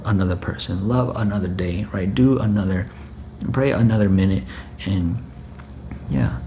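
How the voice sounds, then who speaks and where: Low gravelly guy preaching a sermon, keeps repeating himself and going "right?", little hiss in the bg. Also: a little mellow. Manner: exhorting, repeats phrases, frequent "right?".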